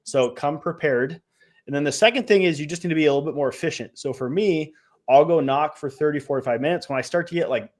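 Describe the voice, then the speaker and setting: A young man talking through tips on a casual live stream. He speaks in a loose, filler-heavy way and lets his voice drop at the ends of phrases. His voice sits at a middling pitch. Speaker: co-host, real estate trainer.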